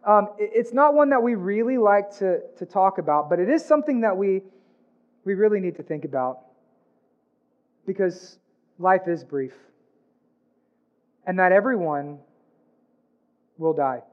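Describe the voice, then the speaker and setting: A high-voiced man preaching a sermon with earnest feeling. He lifts his voice on his questions and sinks quiet on somber lines. The sound is a little dull and lo-fi. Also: lively intonation, unhurried, pauses often. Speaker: pastor.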